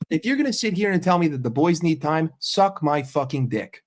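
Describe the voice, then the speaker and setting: Young dude cussing up a storm, ranting, kinda high-pitched. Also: male voice, expressive, fairly quick, hardly any pauses. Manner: profane, mocking and exasperated. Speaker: football vlogger. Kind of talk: ranting vlog.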